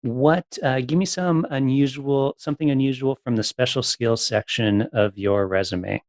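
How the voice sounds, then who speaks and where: Gravelly man hosting an interview. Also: mid-range voice, normal speed, no echo. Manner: brief affirmations, asks short direct questions. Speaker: podcast host.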